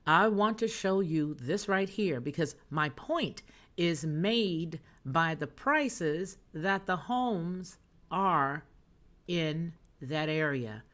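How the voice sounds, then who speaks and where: A woman's voice: low voice, lively intonation, slow pace, fairly bright tone. A woman hosting a news and chat livestream, talking to her viewers in a sassy, emphatic way as she reads their comments. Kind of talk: casual chat, reading chat comments.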